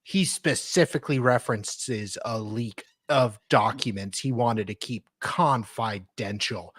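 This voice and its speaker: A man's voice: mid-range voice, unhurried, few pauses, a bit bright, no echo, clean studio sound. A man co-hosting a live stream, joking and reading out messages from the chat. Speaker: co-host.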